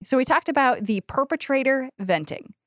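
A woman's voice: high voice, animated, moderate pace, no room sound, studio quality. A woman co-hosting an advice podcast, rambling through jokey metaphors and swearing freely in casual chat. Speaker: podcast co-host.

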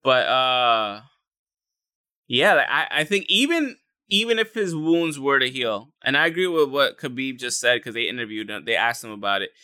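A man chatting casually on a podcast about fights, rambling and swearing freely, with plenty of filler words. His voice is very bright and forceful, and the recording is dry and close. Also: mid-range voice, expressive, moderate pace, clean tone, dry recording. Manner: loose, profane, rambling with many fillers. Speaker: podcast co-host. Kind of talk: casual sports chat.

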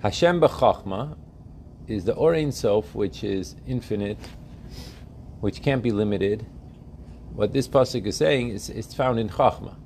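A man's voice: fairly low pitch, a little slow, pauses often, a little mellow, slight background noise. A man teaching a religious text class, often asking his students questions and checking that they follow.

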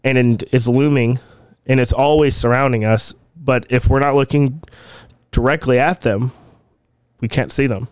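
Clear-voiced man musing earnestly. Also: mid-range voice, fairly even intonation, normal speed, dry recording. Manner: earnest, reflective, speaks in a philosophizing way with some swearing. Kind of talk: casual podcast conversation.

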